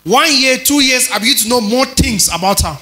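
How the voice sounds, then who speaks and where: A man preaching a teaching sermon, stretching and stressing key words, rising to loud emphasis and checking in with his listeners. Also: very high voice, animated, fairly quick, low-quality recording. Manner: checks in with listeners, tells them to underline words.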